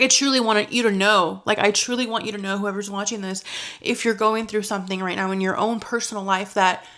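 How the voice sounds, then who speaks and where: A woman's voice: mid-range voice, fairly bright tone. A young woman vlogging to camera in a casual, confessional way. She is chatty and earnest, and now and then gets emotional and laughs it off. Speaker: lifestyle vlogger.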